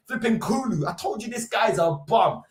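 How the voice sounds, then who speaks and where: A young man, hosting a football fan livestream with loud, mocking banter and rapid-fire rhetorical questions. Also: high voice, animated. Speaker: host. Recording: roomy echo.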